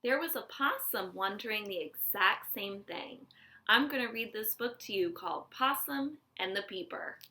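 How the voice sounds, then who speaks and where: A woman reading a picture book aloud and talking gently to children about the signs of spring. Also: medium pitch, expressive, normal speed. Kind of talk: children's read-aloud and nature talk.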